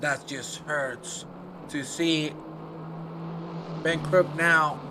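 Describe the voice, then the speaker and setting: Excitable high-voiced male race commentator. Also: extremely slow, distant mic, noisy background. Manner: excitable, swings from hushed asides to loud shouts. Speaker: sim racing commentator.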